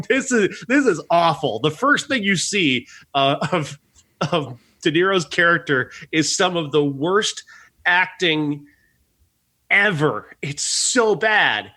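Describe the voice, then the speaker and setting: A man on a movie podcast rants about a film with plenty of swearing and laughter. His voice is bright and fairly high, and his pitch jumps around a lot as he gets worked up. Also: expressive, slow. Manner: ranting, swearing, laughing often. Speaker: podcast co-host. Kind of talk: casual movie review chat.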